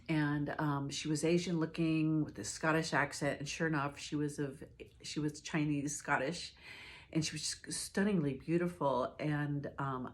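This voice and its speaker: A middle-aged woman, a hospice nurse, telling a personal story in a reflective, halting way with many fillers and restarts. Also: low voice.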